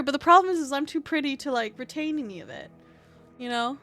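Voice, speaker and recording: Faint music plays behind a high-voiced woman streaming a game, speaking at normal speed with frequent pauses and a slightly bright tone. Worn out and scratchy-throated, she rambles casually, stuffing in fillers, swearing, and mocking herself.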